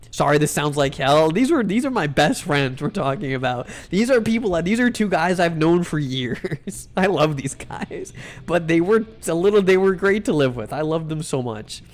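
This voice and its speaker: A man's voice: on the high side, lively intonation, normal speed. Rambling young man streaming a game. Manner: rambling, self-interrupting, joking and profane. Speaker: VTuber streamer. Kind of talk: casual live-stream chat while gaming.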